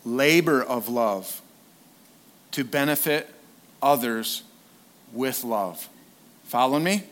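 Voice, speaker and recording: A man's voice: medium pitch, expressive, takes it slowly, a bit bright. A man preaching a sermon in a casual, conversational way, often asking the congregation questions. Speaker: lay preacher, former youth leader.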